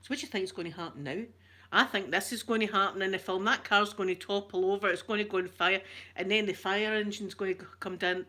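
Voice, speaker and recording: With a mid-range, fairly bright voice, this Scottish ASMR host chats on a live stream. Her talk is rambling and jokey, and she greets viewers by name.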